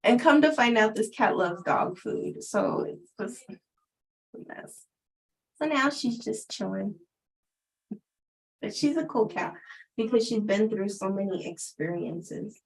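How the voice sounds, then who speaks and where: A woman's voice: mid-range voice, animated, takes it slowly, gravelly, long pauses, poor audio. A middle-aged woman chats through a personal story on a livestream, in an easy, conversational way. She laughs often between sentences and speaks as a spiritual teacher sharing with her viewers.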